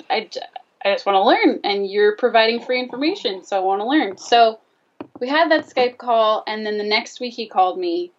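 A woman's voice: a little high, far from the mic, dull audio. A woman telling a personal story in casual conversation, animatedly acting out both sides of the dialogue. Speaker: guest telling her story.

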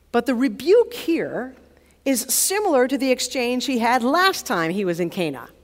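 A woman college chaplain preaching a sermon in a relaxed, conversational storytelling manner. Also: a little high, normal speed. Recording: long hall reverb.

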